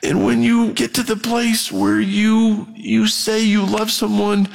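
A man preaching a sermon, conversational and animated, acting out the voices of the people he quotes. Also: high voice, slow, gravelly. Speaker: pastor. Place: church. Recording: long reverb of a church hall.

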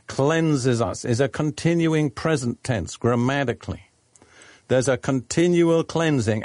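A man preaching a sermon in a measured, deliberate teaching manner. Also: on the high side, a little mellow, no echo.

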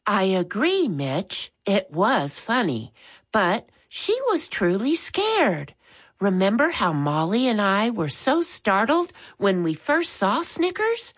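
A woman voicing a kind, caring mother who speaks gently and calmly. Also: medium pitch, slow, slightly rough, heavily acted. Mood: gentle.

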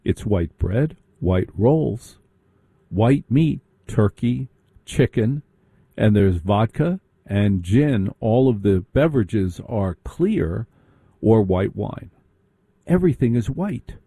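A man with a deep, very mellow voice tells a comic story with sarcastic, mocking asides. His delivery is animated, and the recording sounds dry and close. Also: slow, husky, no echo.

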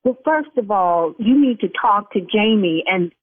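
A woman's voice: medium pitch, lively intonation, measured pace, slightly rough, dry recording. A woman running a salon, talking in on a phone call. She turns sassy and scolding and snaps back hard. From Chicago South Side. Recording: dry tinny phone line.

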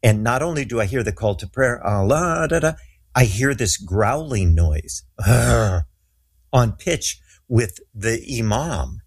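A man's voice: lowish voice, expressive, slow pace, breathy edge. A middle-aged man, a guest minister, telling a story earnestly and with animation in a talk show interview.

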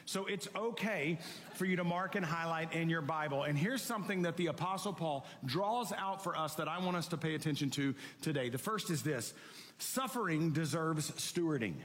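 A man's voice: a little high, a bit bright. A man preaching a sermon with passion, reading scripture aloud and explaining it to his congregation. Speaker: pastor. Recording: long hall reverb.

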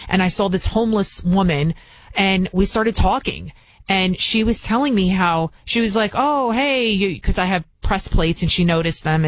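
A woman's voice: medium pitch, dry recording, poor audio. A woman hosting a commentary show, talking with indignant emphasis and firing off rhetorical questions. Her voice sits in a middle range. The sound is close and dry. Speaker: political commentary host. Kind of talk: opinion monologue to camera.

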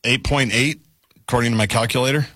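A man's voice: mid-range voice, steady tone, fast, a bit bright, no echo. A man co-hosting a sports radio show, answering in short, easygoing replies. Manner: easygoing, brief agreeing replies. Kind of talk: casual sports talk.

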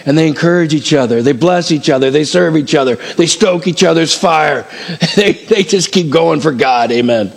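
Animated middle-aged male pastor preaching. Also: a little high, moderate pace, vocal fry. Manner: animated, calls out to the congregation. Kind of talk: sermon. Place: church hall before a congregation.

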